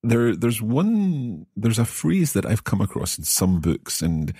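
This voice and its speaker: A man's voice: lowish voice, very animated, unhurried, mellow, slightly rough, no room sound, studio quality. A Scottish man co-hosting a podcast language lesson as the learner, often hesitating and repeating words while he thinks. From Scotland.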